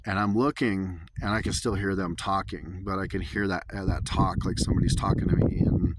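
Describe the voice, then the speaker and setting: A man tells a story to the camera from outdoors, rambling and earnest, with many restarts. His voice is very deep and stays flat. Loud background noise runs under the recording. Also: fairly quick. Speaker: vlogger. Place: outdoors under an open sky.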